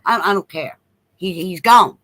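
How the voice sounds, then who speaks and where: A man's voice: high-pitched, unhurried, pushed and bright, low-quality recording. A man telling a long story in casual chat, blunt and repeating himself as he goes. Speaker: co-host.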